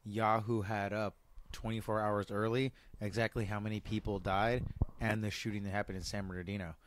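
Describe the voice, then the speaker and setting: A man on a casual podcast making dark, wisecracking jokes. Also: fairly low pitch, level tone, a little fast. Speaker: podcast co-host. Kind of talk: casual chat.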